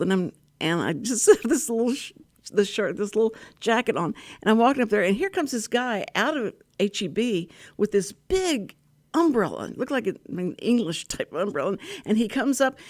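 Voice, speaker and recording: An older woman from Texas hosts a community radio talk show, her voice fairly high and a little mellow. In casual radio chat, she tells stories and laughs often.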